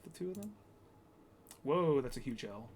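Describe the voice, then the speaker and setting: A medium-pitched, expressive voice at a moderate pace carries this host's live esports commentary for a fighting game tournament. He chats, rambles, and laughs frequently, and there's a slight hiss or hum in the audio.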